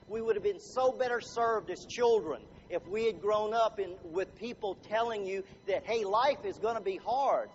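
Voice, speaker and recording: A middle-aged man giving a seminar talk to a live audience, animated and jokey, acting out little scenes. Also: high-pitched, slight background noise. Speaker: motivational speaker. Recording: dull lo-fi recording, faint ambience.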